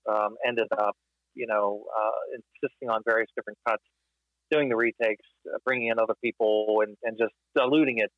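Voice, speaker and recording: Measured man, slightly dull recording. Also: lowish voice, level tone, no echo. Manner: thoughtful, measured, with many fillers. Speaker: film discussion co-host. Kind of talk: casual podcast discussion.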